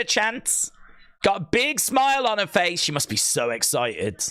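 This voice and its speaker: A man with a high, bright voice that swings all over the place, hosting a casual watch-along stream. He chats loosely, cracks jokes and reacts on the fly to what is happening on screen. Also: very animated, slow. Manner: chatty, joking, reads lines out and reacts.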